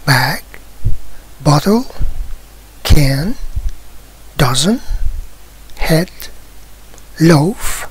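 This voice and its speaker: A teacher going through workbook exercises, explaining in a slow, soft, partly whispered way. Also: medium pitch, lively intonation, slightly rough, low-quality recording.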